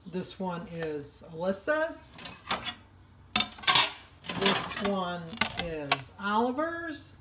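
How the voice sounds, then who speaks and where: An older woman talks to her camera from her home kitchen. She rambles cheerfully, pokes fun at herself and laughs easily, in a mid-pitched everyday voice. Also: very noisy. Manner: chatty, rambling, self-deprecating, often laughing. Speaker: vlogger. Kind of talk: casual diet vlog chat.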